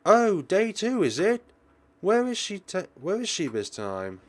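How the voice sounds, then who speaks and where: Man reacting loudly to a game. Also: sits high, wildly swooping pitch, unhurried. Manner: exclamatory, dramatic reactions. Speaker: let's play host. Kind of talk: gameplay commentary.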